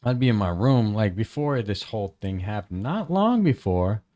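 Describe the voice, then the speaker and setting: A man on a podcast telling a story in casual chat, rambling and halting with many fillers and restarts. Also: lowish voice, sing-song, dark tone. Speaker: podcast host.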